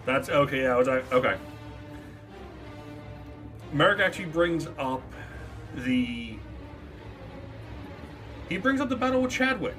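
A man playing a tabletop role-playing game, animated and swearing as he explains his character's thinking. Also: on the high side, a little slow, long pauses, soft background music. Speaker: player. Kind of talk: casual tabletop play.

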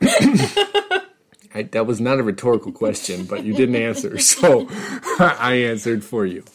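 A woman's voice: rumbling low, wildly swooping pitch, measured pace, crowd noise. Rambling young woman podcast co-host. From Wisconsin. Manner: rambling, self-interrupting, laughs often. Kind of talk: casual chat.

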